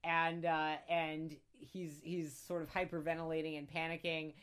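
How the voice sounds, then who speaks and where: A woman co-hosting a casual film discussion podcast, animated, acting out quotes as she laughs. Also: sits low, moderate pace, smooth. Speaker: podcast co-host.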